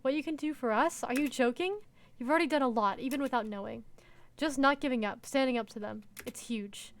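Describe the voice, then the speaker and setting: A woman's voice: sits high, fairly quick. A woman voicing a fiery, earnest middle-aged male union worker in a game. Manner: earnest, rallying speech.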